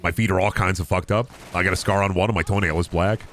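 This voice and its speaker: A man in his thirties hosts a game stream with a somewhat low voice. He rambles from bit to bit, swears freely and jokes with his chat. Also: steady tone, fast talker, fairly bright tone, slight background noise. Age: 30s. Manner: rambling, profane, jokey, riffing on chat.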